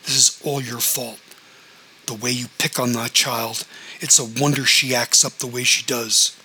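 A man's voice: medium pitch, fairly even intonation, a little slow, sharp tone, slightly rough, heavily acted, poor audio. A man voicing a blustering, hot-tempered father. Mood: angry.

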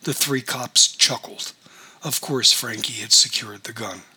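A male audiobook narrator reading in an even, measured way. His voice is husky, with a bright, tense sharpness to the tone. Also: medium pitch.

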